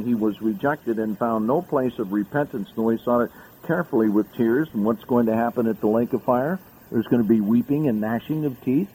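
Man as pastor, sermon delivery, reads verses with sharp upward emphasis, faint hiss on an old radio recording. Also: low-quality recording. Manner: reads scripture aloud, rising high with emphasis.

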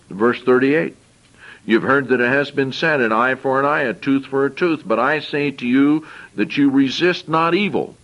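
Male preacher, mid-pitched voice, reads scripture then chats through it, repeats himself while thinking aloud. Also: a bit bright, highs cut off. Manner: reads verses aloud, then explains in plain conversational asides. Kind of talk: sermon with scripture reading.

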